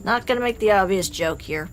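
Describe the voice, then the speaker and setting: Woman, stream host, casual gaming chat; giggly, mid pitch, faint background hiss. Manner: giggly, quick short reactions.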